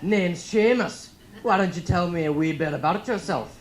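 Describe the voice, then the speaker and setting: A man's voice: high-pitched, moderate pace, voice pushed up, close to an everyday voice. Young man doing a hearty Scottish interviewer. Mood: jovial.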